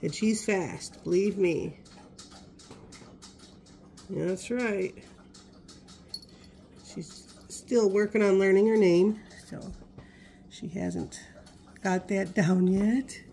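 A woman's voice: mid-range voice, very slow, gravelly, pauses often, dark tone, a little hiss or hum. A woman vlogging as a pet owner, chatting casually to her puppy in gushing baby talk.

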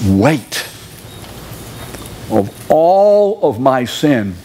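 A man's voice: medium pitch, darkish tone, a little hiss or hum. A man in his seventies preaching a sermon in a church, driving his point home by repeating key words and throwing questions at the congregation. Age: 70s.

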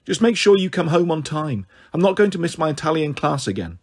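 A man's voice: on the high side, big pitch swings, fairly quick, husky, exaggerated voice. A man reading the part of a weary, resentful stepmother in a storybook. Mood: bitter. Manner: tired and resentful. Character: weary, bitter adult woman, a stepmother.

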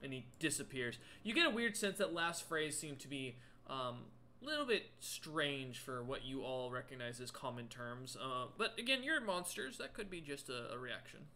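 Bright-voiced man running a tabletop game. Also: medium pitch, sing-song, moderate pace, hardly any pauses, a little hiss or hum. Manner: loose, laughing, filler-heavy narration. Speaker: game master.

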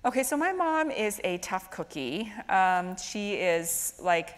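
A woman in her thirties hosting a stage conversation, talking in a lively, filler-heavy, storytelling way. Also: medium pitch, slow pace, clear, resonant tone. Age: 30s. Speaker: host moderating a stage conversation. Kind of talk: chatty onstage conversation. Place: stage of a live event in a hall. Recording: echoey hall with faint noise.

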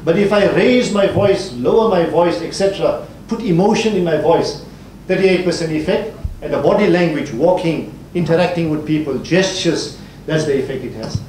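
A man's voice: a little high, moderate pace, darkish tone. A man from South Africa giving a public speaking workshop, listing points and quizzing the class. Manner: explains in lists, often asks the class questions. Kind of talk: workshop lecture. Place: lecture hall with audience. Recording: roomy hall, faint hiss.

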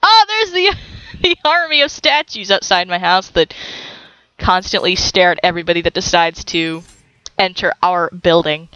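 A young woman rattles off gameplay commentary in a bright, sharp voice, shouting at the screen and laughing often. Her pitch jumps all over the place. The recording is dry and a little dull, like a home mic. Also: moderate pace, smooth, no echo. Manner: excitable, swearing, shouting at the game, laughing often. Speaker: let's play commentator.

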